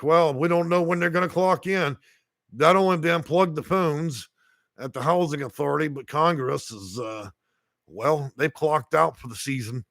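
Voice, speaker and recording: A man's voice: a little high, no room sound. A man, a housing consultant ranting on a livestream and reading the chat, heated and profane with bursts of laughter.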